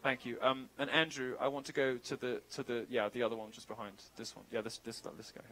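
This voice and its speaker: A man's voice: mid-range voice, flat delivery, a little fast, a bit bright, a little hiss or hum, rough recording. A man speaking at a live Q&A, chatty and sardonic, with frequent joking asides. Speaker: guest speaker. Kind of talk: live Q&A speech.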